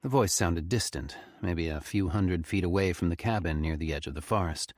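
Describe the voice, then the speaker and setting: A man reading a horror story aloud with expressive, tense storytelling. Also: deep voice, normal speed, no echo, clean studio sound. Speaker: audiobook narrator. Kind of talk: scripted horror narration.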